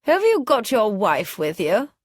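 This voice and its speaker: A sharp, disapproving old aunt, voiced by a woman reading aloud. She speaks bluntly and with emphasis, pitch rising and swinging. The sound is close and dry, like a storybook reading. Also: wildly swooping pitch, unhurried, no echo. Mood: stern.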